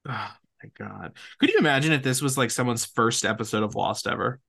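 Cohost with a bright voice recapping scenes, teasing the sibling. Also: mid-range voice, a little fast, gravelly. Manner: narrates scene recaps, then banters. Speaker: podcast co-host. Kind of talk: casual recap chat.

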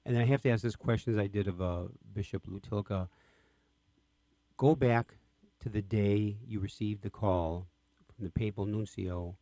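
A man with a lowish, mellow voice hosts an interview, recorded dry and close. He prompts his guest eagerly, asking questions and reacting with enthusiasm. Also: fairly even intonation, moderate pace, no room sound. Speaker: radio interview host. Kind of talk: interview conversation.

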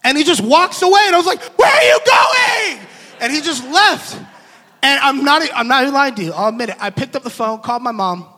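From the pulpit, a young pastor with a very high, bright voice delivers a storytelling sermon, lively and quick to laugh as he performs each character's lines. The long reverb of a large hall rings around his voice.

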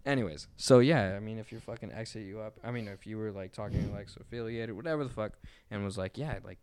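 A man's voice: on the low side, quick pace, darkish tone, clear, resonant tone. A young man joking around as a guest on a casual podcast, crude and loose.

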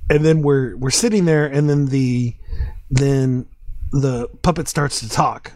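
A man's voice: mid-range voice, a little mellow, dry recording. Rambling man telling a story, dry sound. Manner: rambling, halting storyteller with many fillers. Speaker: podcast host. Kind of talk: casual chat, storytelling.

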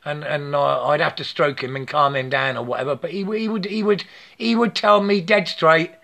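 A man's voice: a little high, steady tone, moderate pace, gravelly, a bit bright. A man in his late fifties giving a rambling spiritual monologue, swearing freely and tagging most sentences with "yeah?". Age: 50s. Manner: profane, repetitive, keeps asking "yeah?".

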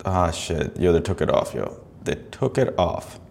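A man's voice: low-pitched, very animated, moderate pace, vocal fry, darkish tone, a little hiss or hum. A man hosting a podcast, commenting on videos in a profane, rambling way and laughing often. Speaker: podcast host.

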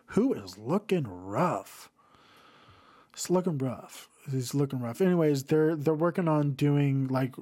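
A man's voice: on the high side, darkish tone. A man hosting a podcast, giving a rambling, profanity-heavy film review in a casual rant. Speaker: podcast host reviewing films.

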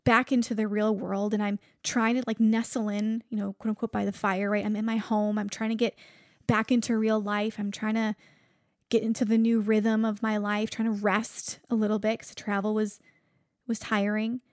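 A woman preacher giving an informal, conversational sermon, often pausing to search for words. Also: medium pitch, flat delivery, no room sound, studio quality.

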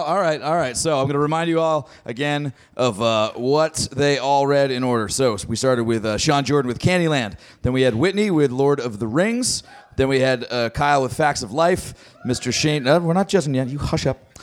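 A man hosting a live comedy show on a theater stage, loose and excitable, calling performers up for judging. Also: fairly high pitch, normal speed. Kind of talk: live emcee announcing. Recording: live show with loud crowd and music.

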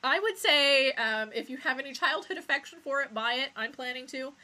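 A woman's voice: high-pitched, expressive, brisk, pushed and bright. A woman co-hosting a horror podcast, chatting casually, laughing and swearing freely. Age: adult, recalls childhood viewing. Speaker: podcast co-host. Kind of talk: casual chat.

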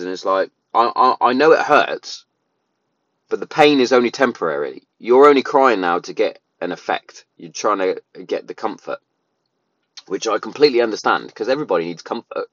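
A man's voice: on the low side, fairly bright tone, dry recording, dull audio. A man, a father giving his views in a loose, rambling monologue full of restarts and fillers. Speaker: parent sharing opinions. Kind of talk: casual monologue.

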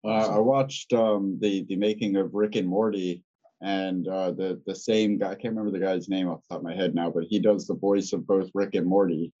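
A man's voice: deep voice, steady tone, moderate pace, dark tone, dull audio. A man hosting a casual chat, talking in a rambling, hesitant way.

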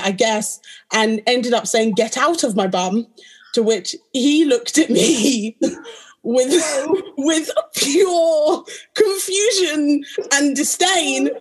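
A young woman with a fairly high voice tells a story on her casual chat podcast. She talks in an animated way and insists on finishing her point. She talks as a co-host among friends.

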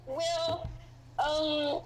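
A woman's voice: high voice, steady tone, drawn-out words, low-quality recording. Woman laughing through her story. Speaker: guest. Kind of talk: casual storytelling.

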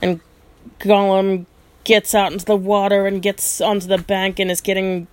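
A woman reading a story aloud, stopping for thoughtful asides and filling pauses with frequent ums. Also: mid-range voice, little pitch movement, darkish tone.

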